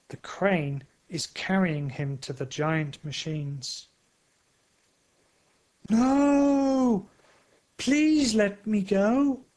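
Very slow, clear male storyteller. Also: a little high, low-quality recording. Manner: slow, clear, simple phrasing. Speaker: narrator.

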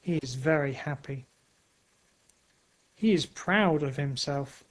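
A man narrating a simple storybook slowly and clearly. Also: on the high side, low-quality recording. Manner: slow, clear, simple phrasing.

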